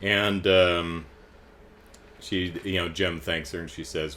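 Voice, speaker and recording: Man, middle-aged, deep voice, casual chatty commentary, lots of ums and restarts, wry asides. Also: fairly even intonation, takes it slowly, fairly bright tone, a little hiss or hum. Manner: chatty, with frequent fillers and restarts. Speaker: host reading and discussing comics.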